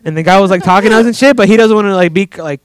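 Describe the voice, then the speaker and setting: A man's voice: high voice, very fast, clean tone, no echo. A man in a casual podcast chat, telling a long, rambling, profane story full of fillers. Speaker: guest storyteller.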